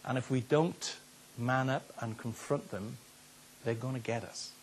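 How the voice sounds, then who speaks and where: A man's voice: mid-range voice, steady tone, a little slow, a little hiss or hum. An older man, a pastor preaching a sermon in an earnest, conversational way, often repeating his words. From Wales.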